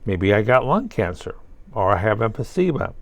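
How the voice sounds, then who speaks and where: A man's voice: on the low side, sing-song, normal speed, fairly bright tone. An older man rambling through a solo monologue, asking himself questions and answering them with wry asides. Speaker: vlogger.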